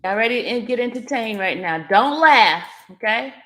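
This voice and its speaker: Running a casual livestream, a woman speaks at a moderate pace in a slightly high, somewhat bright voice with lively intonation. She greets viewers individually by name, teasing them playfully and laughing frequently.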